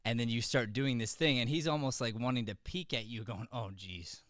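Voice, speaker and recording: A man's voice: medium pitch, a little fast, a bit bright, no room sound. A man coaches actors in an online class, talking in a loose, rambling and casual way. He has a mid-range voice. The sound is dry and close, as on a video call. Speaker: acting coach. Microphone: webcam or phone on a video call.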